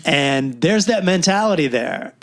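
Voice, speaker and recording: A podcast co-host from New York tells stories in casual chat, an animated storyteller who acts out quotes and swears freely. His voice sits on the high side, and his pace is measured.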